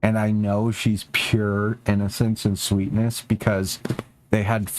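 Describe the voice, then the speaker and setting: A man's voice: flat delivery, slow pace, a little hiss or hum. A young man streaming a game, chatting casually and rambling, swearing a lot and talking to his cats. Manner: rambling, profane, talks to his cats in a high baby voice.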